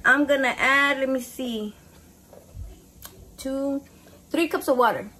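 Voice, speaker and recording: A woman's voice: high voice, slow pace. A Mexican-American woman in her thirties who mixes in Spanish, chatting and rambling in a foul-mouthed way while she cooks in her home kitchen. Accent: Mexican-American, mixing in Spanish. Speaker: cooking vlogger. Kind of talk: casual cooking vlog chat. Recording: slightly distant mic, faint background noise.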